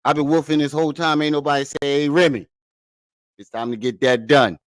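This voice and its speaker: A man with a voice on the high side talks a little fast in a steady tone, recorded dry. Hosting a casual livestream from his living room, he's laid-back and profane, chatting with viewers and laughing at himself over their comments.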